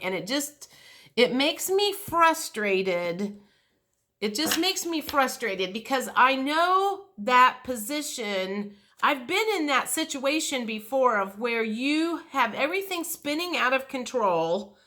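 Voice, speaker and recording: A woman's voice: on the high side, animated, a little slow, bright, forceful tone. A middle-aged woman giving a casual, rambling tarot reading, frank and swearing, with many restarts and fillers. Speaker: tarot reader.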